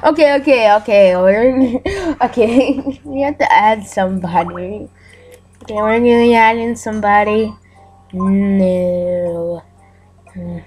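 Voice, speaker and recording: A woman hosting gameplay videos talks slowly in a mid-range, slightly mellow voice, with faint music in the background. She's chatty and giggly, narrating her play aloud in a casual way.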